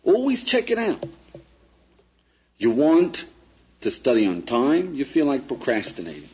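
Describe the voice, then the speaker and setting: Husky animated rabbi lecturing a class. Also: male voice, medium pitch, a little slow. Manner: acts out little dialogues and asks the class rhetorical questions. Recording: dull lo-fi archive lecture recording.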